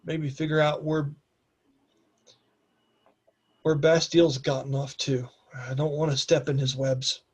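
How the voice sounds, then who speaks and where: A man voicing a calm, protective male warrior who speaks slowly and gently. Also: a little high, slightly rough.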